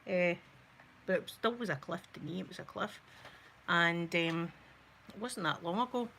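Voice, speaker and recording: A Scottish woman hosting a soft-spoken ASMR makeup video, chatting to viewers and rambling through stories, sometimes dropping to a near-whisper. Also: lowish voice, moderate pace, slight background noise, rough recording. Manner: chatty, rambling storyteller who talks to viewers. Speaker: ASMR channel host.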